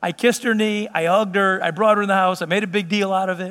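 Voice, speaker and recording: High-voiced preacher in a reverberant hall. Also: male voice, fairly even intonation, fast, few pauses, fairly bright tone. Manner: conversational, storytelling with laughs. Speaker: pastor. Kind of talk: sermon. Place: church hall.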